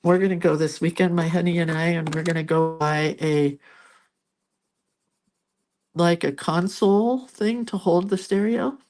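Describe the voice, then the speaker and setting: An older woman chatting casually as she colors, rambling into stories with soft, murmured asides at her art desk. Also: lowish voice, measured pace, long pauses. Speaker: art vlogger. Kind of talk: casual chat while coloring.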